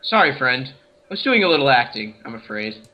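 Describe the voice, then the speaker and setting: A man's voice: mid-range voice, sing-song, brisk, pushed and bright, poor audio. A man voicing a young male prince in a fan reading of a game scene, earnest and a bit melodramatic.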